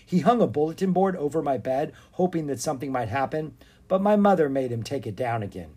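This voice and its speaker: A storybook reader voicing a bold, brisk young girl who takes charge. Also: mid-range voice, expressive, warm tone, breathy edge. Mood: chatty. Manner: brisk, commanding. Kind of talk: storybook read-aloud.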